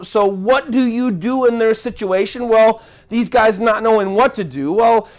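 A male pastor preaches an animated, conversational sermon in a high voice, acting out crowd voices and chants. He often restarts and makes asides to the congregation.

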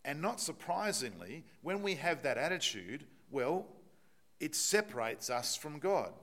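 A man's voice: a little high, very animated, a little slow, fairly bright tone. A man preaching a sermon, explaining a Bible passage and putting rhetorical questions to the congregation.

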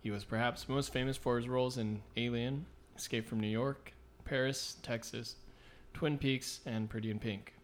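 A man's voice: medium pitch, steady tone, moderate pace. Man reading podcast news with jokes. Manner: jokey, puts on mock spooky announcer tones. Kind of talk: casual chat and news segments.

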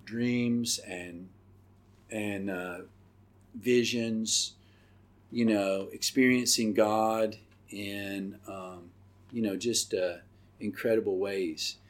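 A middle-aged man hosting a podcast and telling his personal testimony, earnest and halting, with many pauses and fillers. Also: lowish voice, steady tone. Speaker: podcast host.

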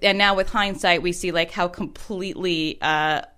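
Smooth-voiced female podcast co-host. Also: fairly low pitch, fairly even intonation, normal speed, pushed and bright. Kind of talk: casual chat about commercials.

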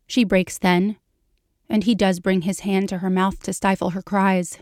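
Brief: female reader, steady even narration, medium pitch, close dry recording. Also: unhurried, no room sound. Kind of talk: reading fan fiction aloud.

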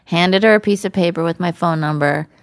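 A woman's voice: on the low side, fairly quick, no room sound. Laughing woman reading listener emails. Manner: reads emails aloud with laughing asides. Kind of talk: casual podcast banter.

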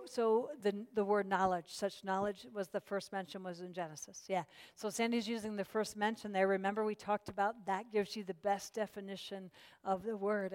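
A woman's voice: mid-range voice, darkish tone, in a large hall. A woman teaching a Bible study class, encouraging and chatty, with many fillers and restarts.

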